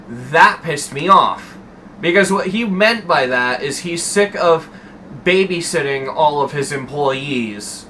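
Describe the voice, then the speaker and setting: A young man talks to his stream chat in a rambling, animated way, swearing freely. His voice sits a bit high and sounds bright and forceful. He speaks casually and unscripted, as if chatting with friends. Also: a little slow, a little hiss or hum.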